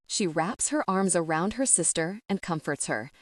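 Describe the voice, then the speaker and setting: A woman narrating a young adult audiobook in a measured, steady storytelling voice on a close studio mic. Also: on the low side, no room sound. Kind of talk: scripted narration.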